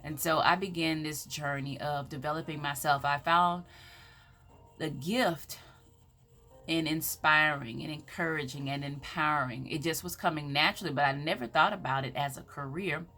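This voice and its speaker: Southern woman giving a bright inspirational talk. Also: sits low, fairly even intonation, normal speed, faint music behind. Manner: preacherly, scripture-quoting, emphatic. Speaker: women's empowerment speaker.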